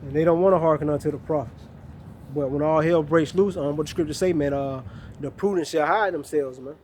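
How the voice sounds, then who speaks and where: A man's voice: fairly high pitch, darkish tone, a little hiss or hum. Man reading scripture aloud outdoors. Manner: reads verses slowly, then explains in casual talk. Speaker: street preacher reading scripture.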